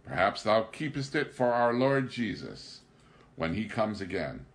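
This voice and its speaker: A man's voice: big pitch swings, a little slow, gravelly, full character voice. A man voicing an exuberant, scheming young male drifter in a theatrical, raised voice. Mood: sly. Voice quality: theatrical, high and loud.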